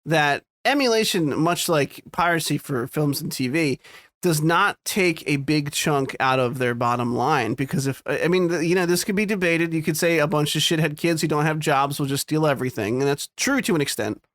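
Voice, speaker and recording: A man's voice: fairly bright tone, no room sound, clean studio sound. A man co-hosting a casual podcast, rambling and joking as he talks through TV and game news. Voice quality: fairly high, youthful voice. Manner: rambling, joking, self-interrupting. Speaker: podcast co-host. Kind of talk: casual chat.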